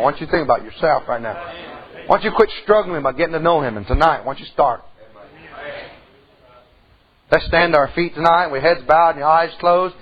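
A man's voice: a little high, highs cut off. A middle-aged man preaching a sermon in church, telling a folksy story and rising into emphatic calls to the congregation.

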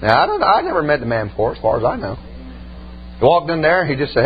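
A man's voice: on the high side, very animated, quick pace, lo-fi sound, slight background noise. A male pastor preaching a storytelling sermon in a church, folksy and punctuating with amen. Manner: folksy, exclaims amen often, laughs at own stories.

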